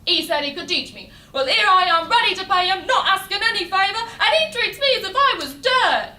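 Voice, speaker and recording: A woman reciting as a brash cockney flower girl, loud and defiant, recorded from a distance in an echoey room. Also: very high-pitched, animated, a little fast, pitched above the performer's own voice, full character voice. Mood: indignant. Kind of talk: recitation in a speech competition.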